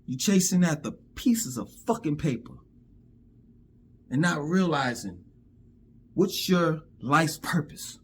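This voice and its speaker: A man vents in a fiery, profane monologue and keeps tripping over repeated words. His voice sits high and leaps all over the place. He sounds worked up and blunt. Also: lively intonation, slow pace, pauses often, a bit bright, a little hiss or hum. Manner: heated, profane, stammering repetitions. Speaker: vlogger. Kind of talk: angry monologue rant.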